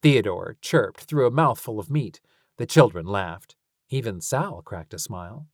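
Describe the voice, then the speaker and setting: A woman narrating a storybook in an expressive storytelling manner. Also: extremely low pitch, measured pace, slightly rough, no room sound, studio quality. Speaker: audiobook narrator. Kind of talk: scripted narration.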